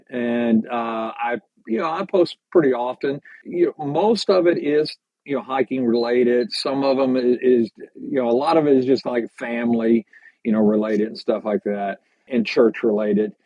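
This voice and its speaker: A man who is a guest on a podcast, talking in a relaxed way with frequent stammered restarts. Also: mid-range voice, normal speed, no room sound, lo-fi sound. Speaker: podcast guest, pastor and hiking YouTuber. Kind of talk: casual interview chat.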